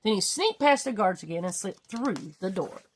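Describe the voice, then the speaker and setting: A woman reading a children's storybook aloud with expressive, dramatic delivery. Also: normal speed, slight background noise. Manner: expressive, swinging pitch for drama. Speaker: storybook reader. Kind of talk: read-aloud storybook narration.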